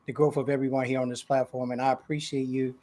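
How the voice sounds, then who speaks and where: A man's voice: mid-range voice, flat delivery, fast. Man talking with laughs and many "uh"s. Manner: warm, laughing, with many filler "uh"s. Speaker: leadership consultant, panel guest. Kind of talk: casual self-introduction.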